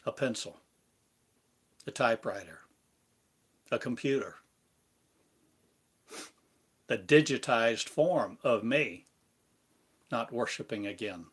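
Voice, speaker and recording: Slow, incantatory male spiritual teacher. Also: medium pitch, expressive, slightly rough. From United States. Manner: slow, incantatory, repetitive phrasing. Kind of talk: slow meditative sermon.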